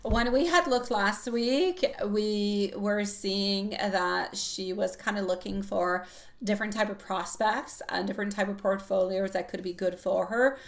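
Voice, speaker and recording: A woman hosts a live tarot stream, talking viewers through their questions. Her tone is gentle and reassuring, and she takes things one step at a time. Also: mid-range voice, unhurried. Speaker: tarot reader.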